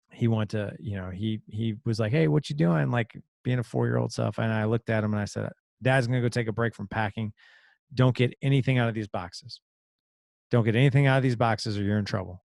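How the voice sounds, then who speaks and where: A man in his thirties, a podcast host, telling an emotional personal story in a halting, confessional way. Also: fairly low pitch, gravelly, darkish tone, no room sound, clean studio sound.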